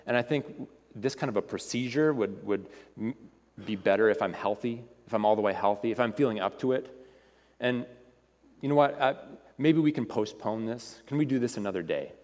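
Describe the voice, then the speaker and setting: A man's voice: mid-range voice, fairly quick, a little mellow, close to an everyday voice. A man doing a flustered wispy ghost-man. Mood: pleading. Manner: pleading, flustered, stammering excuses. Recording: reverberant hall.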